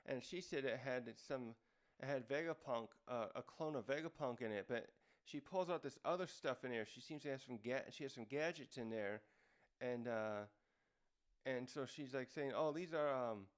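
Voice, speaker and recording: A man's voice: medium pitch, moderate pace. A man hosting a casual recap, talking off the cuff with lots of fillers and restarts. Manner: rambling, many fillers and restarts. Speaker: manga review host.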